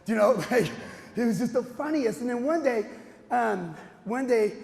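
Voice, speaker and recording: Animated storyteller with gravelly high voice. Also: male voice, normal speed, big-room sound. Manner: animated, rambling, with restarts and laughter. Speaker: speaker telling a personal story. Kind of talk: personal storytelling talk.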